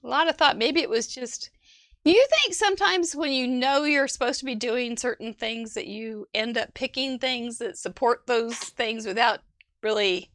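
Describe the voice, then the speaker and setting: A chatty female host with a slightly high voice talks enthusiastically about viewers' crafts, laughing easily. The sound is dry and close, with no room around it. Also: normal speed, a bit bright, no echo. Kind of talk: casual chat reviewing viewer crafts.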